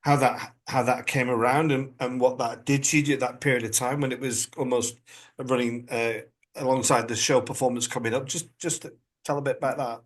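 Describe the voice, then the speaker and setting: A man hosts an interview, feeling his way into each question gently and circling back to rephrase. His voice sits at an ordinary pitch for a man, and his tone stays soft and unhurried. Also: fairly even intonation. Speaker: podcast host, priest.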